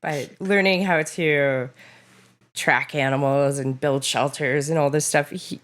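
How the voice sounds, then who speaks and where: A woman's voice: low voice, fairly even intonation, unhurried. A woman in her thirties, a chef, chatting casually in a podcast interview and laughing easily. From northern Alberta, Canada.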